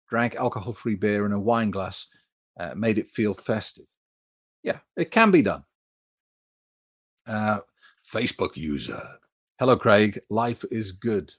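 A man's voice: on the low side, animated, measured pace, no echo, clean studio sound. Chatty man on a live stream. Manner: chatty, reads out viewer comments and answers them. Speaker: sobriety coach hosting a live stream. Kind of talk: live stream chat answering viewers.

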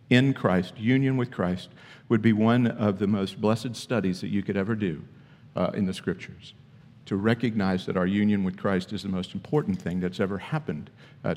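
A man preaching a sermon as pastor, emphatic, with high-pitched bursts when acting out questions. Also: a little mellow, long reverb tail.

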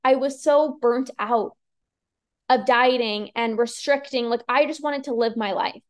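Woman, high voice, earnest coach, casual podcast talk, lots of fillers. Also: a little slow. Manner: earnest, many fillers like "like" and "you know". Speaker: binge eating coach and podcast host.

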